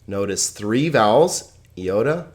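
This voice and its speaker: Greek teacher, voice-over lesson, playful, lively up-and-down delivery, slow careful drills. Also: medium pitch. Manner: playful, chuckles at own jokes; slow, deliberate word-by-word pronunciation drills. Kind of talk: video lesson on Greek pronunciation.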